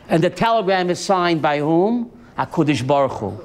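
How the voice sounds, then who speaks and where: High-pitched rabbi telling stories. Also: male voice, normal speed, few pauses. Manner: animated, asks the audience questions. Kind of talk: sermon with storytelling.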